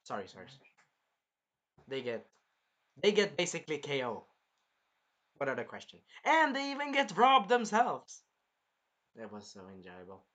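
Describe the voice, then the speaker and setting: A man hosting a casual anime review, rambling and animated, swearing freely as he recaps an episode. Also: on the high side, unhurried, pauses often. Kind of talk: casual chat.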